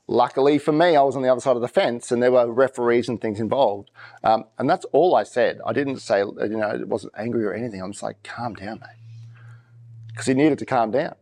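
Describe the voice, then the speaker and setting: A pastor preaching a conversational sermon, reading scripture slowly and with emphasis. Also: male voice, mid-range voice, a little mellow.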